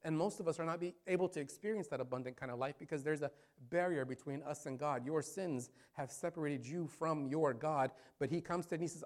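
A man preaching a sermon as pastor, rising into loud appeals and falling to hushed, prayerful tones. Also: on the high side, a little fast.

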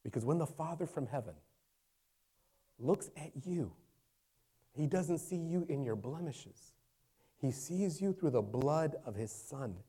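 Mellow-voiced preacher building to fervor. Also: male voice, fairly high pitch, animated, measured pace, long pauses, slightly rough. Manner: conversational, building to fervent raised preaching; repeats phrases for emphasis. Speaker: pastor. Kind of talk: sermon.

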